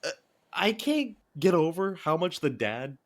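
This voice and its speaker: A man with a fairly high voice co-hosts a casual movie-review chat, piling on sarcastic, rambling mockery full of "like"s. His delivery is loose and conversational. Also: sing-song, unhurried. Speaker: podcast co-host.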